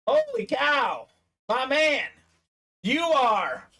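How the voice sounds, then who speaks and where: A man hosting a live sports card break stream, excitedly hyping up buyers and reading chat messages aloud. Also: sits high, normal speed. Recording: distant mic.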